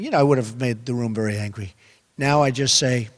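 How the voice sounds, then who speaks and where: Here a seventy-something candidate rallies a crowd in a large, echoing hall, talking a little fast at a medium pitch. His delivery is emphatic and repetitive, dipping into quiet asides before erupting loudly, with audience noise in the background.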